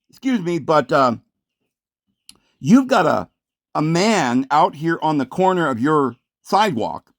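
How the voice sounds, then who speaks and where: A man's voice: a little high, no echo, studio quality. A man playing a prim, fussy neighbor knocking at a door, hesitant and stammering.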